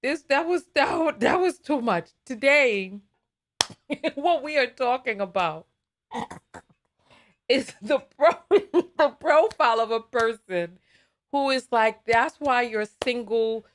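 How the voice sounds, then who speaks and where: A woman's voice: high-pitched, lively intonation, takes it slowly, long pauses, slight background noise. A woman hosting a live call-in talk show, laughing often and sounding exasperated.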